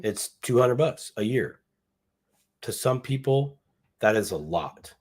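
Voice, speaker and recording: A man's voice: medium pitch, expressive, slow, darkish tone, husky. A man co-hosting a casual live talk show, rambling and repeating himself, with easy slang. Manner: rambling, self-interrupting, repeats words; casual slang, says dude and bucks. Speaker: podcast co-host. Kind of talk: casual chat.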